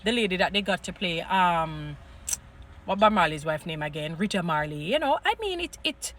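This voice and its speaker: A woman's voice: lowish voice, expressive, normal speed, a bit bright. A Jamaican woman giving an emphatic, rambling casual monologue to her viewers. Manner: rambling, emphatic, heaps praise, restarts and fillers. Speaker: vlogger.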